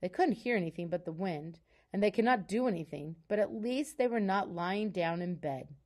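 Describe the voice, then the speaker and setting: A woman reads a children's novel aloud like a teacher at story time. Her voice is calm and soft, with an even, unhurried delivery. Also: fairly low pitch.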